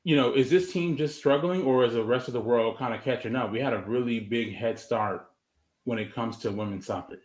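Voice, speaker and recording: A man co-hosting a sports podcast, talking in a measured, questioning way. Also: medium pitch. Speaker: podcast co-host. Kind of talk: casual sports podcast chat.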